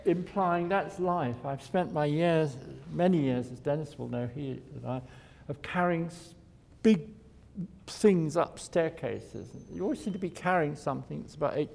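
A man's voice: a little high, gravelly, darkish tone. An older man, an architect, giving an informal lecture in a wry, digressive way, chuckling at his own jokes. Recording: lecture hall reverb.

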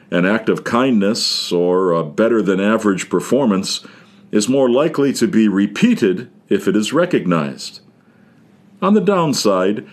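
Wry low-voiced male preacher. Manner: measured, wry storytelling. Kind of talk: sermon.

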